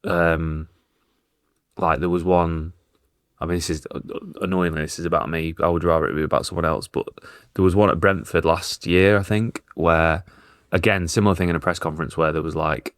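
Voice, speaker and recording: Deep-voiced Northern English storyteller man. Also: fairly even intonation, normal speed, fairly bright tone, no room sound, studio quality. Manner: storytelling, self-deprecating. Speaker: newspaper football journalist. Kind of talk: casual podcast anecdotes.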